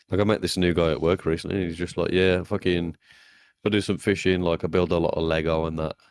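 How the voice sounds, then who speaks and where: A young man with an extremely deep voice chats on a podcast. He is blunt and sweary and tells stories by acting out what people said. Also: a little mellow, no echo. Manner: blunt, swearing, storytelling with acted-out quotes. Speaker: podcast co-host. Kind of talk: casual chat.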